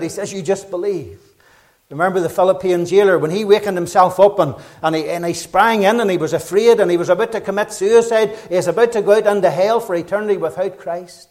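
A middle-aged Northern Irish man delivers a gospel sermon with a slightly raised pitch. He presses each point with urgency, climbing loud and then sinking to a hush. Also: brisk. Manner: fervent, urgent preaching with rises and quiet drops. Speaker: preacher.

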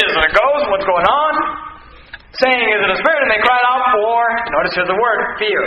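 A man preaching a sermon, reading scripture aloud and then explaining it with animated asides. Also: sits high, reverberant, lo-fi sound, a little hiss or hum.

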